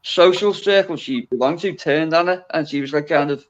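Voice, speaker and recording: A Liverpool man with a local accent co-hosts a casual podcast chat, rambling and hesitant, piling on fillers and tag questions. His voice is fairly high and brisk, and the audio sounds dull.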